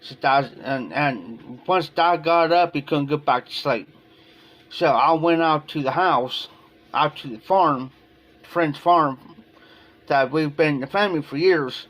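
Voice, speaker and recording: A man's voice: fairly high pitch, unhurried, fairly bright tone. A man from Ohio telling a long personal story on a live stream, rambling and repeating "I said" as he goes. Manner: rambling, repeats "I said" between quoted lines. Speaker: livestream host.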